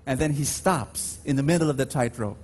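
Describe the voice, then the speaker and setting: A husky, darkish medium-pitched voice belongs to a man preaching at Mass in a large church. He emphatically calls out and the congregation answers, while his storytelling moves slowly and swells with dramatic rises.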